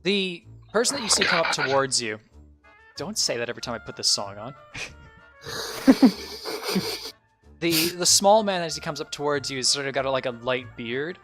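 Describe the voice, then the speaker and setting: A man's voice: on the high side, animated, normal speed, pauses often, fairly bright tone, faint music behind. A young man running a tabletop game as dungeon master, narrating in a casual, rambling way and swearing freely.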